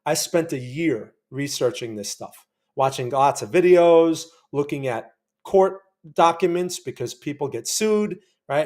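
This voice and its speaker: A man with a slightly higher-pitched voice hosts a live trading session. He talks casually and often asks his viewers to remember earlier trades. He gets worked up and talks straight at the price chart as he trades. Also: a little mellow. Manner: chatty, keeps asking viewers to remember. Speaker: trading channel host. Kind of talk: live day-trading commentary.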